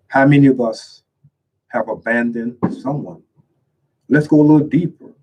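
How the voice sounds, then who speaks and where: A man's voice: medium pitch, normal speed, long pauses, darkish tone, breathy edge. A man, an author, reading his own poems aloud and talking earnestly about them, in a dull lo-fi recording. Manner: reads his own poems aloud with rising emotional emphasis. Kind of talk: earnest spoken reading and commentary.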